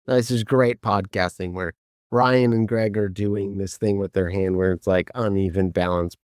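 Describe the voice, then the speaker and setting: A young adult man co-hosting a casual podcast, riffing and joking with quick comebacks. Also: on the low side, clean tone, dry recording, studio quality. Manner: joking, animated, quick to riff. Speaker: podcast co-host.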